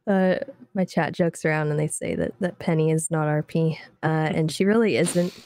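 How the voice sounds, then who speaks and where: A woman guest on a podcast talking casually, halting and modest with many fillers. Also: sits low, fairly even intonation, a little mellow, no echo. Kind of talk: casual chat.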